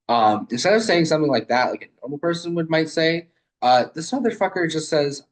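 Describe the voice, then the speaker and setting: A man's voice: on the high side, expressive, fairly quick, poor audio. A young man and student giving a casual, rambling literary video essay over a video call, with lots of fillers and swearing.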